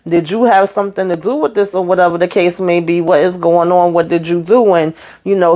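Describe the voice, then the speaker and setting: This TV show recapper has a mid-range voice. She goes over an episode casually, acting out scenes in a lively, talkative manner and addressing listeners as "honey" and "child."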